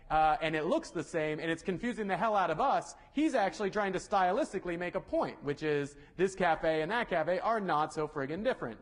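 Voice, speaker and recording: Young guy lecturing a college class, kinda high voice, rambly with lots of ums, cracks jokes. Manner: casual, rambling, self-correcting with many fillers; joking asides to the class. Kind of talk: university lecture. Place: lecture hall.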